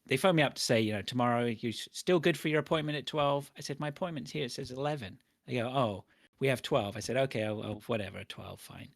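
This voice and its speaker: A man's voice: mid-range voice, quick pace, vocal fry. A man hosting a casual podcast chat, telling stories in a sweary, ranting way. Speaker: podcast host.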